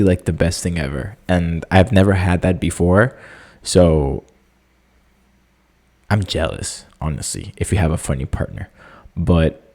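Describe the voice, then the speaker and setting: A young man hosting a casual solo podcast, talking in an animated, jokey way with lots of fillers. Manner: animated, jokey, many fillers, squeaky excited impressions. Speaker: podcast host.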